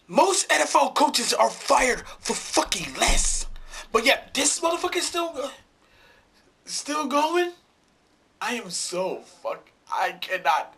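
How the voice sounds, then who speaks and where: This man, a sports fan vlogger, has a high, sharp-toned voice. He rants furiously about his football team, cursing a lot, saying the same things again and tripping over his words.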